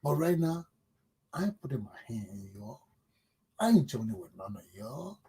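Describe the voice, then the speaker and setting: Husky-voiced Liberian man scolding. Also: medium pitch, sing-song, normal speed, dark tone. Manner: blunt, scolding, insulting. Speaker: talk show host. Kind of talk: impassioned political commentary.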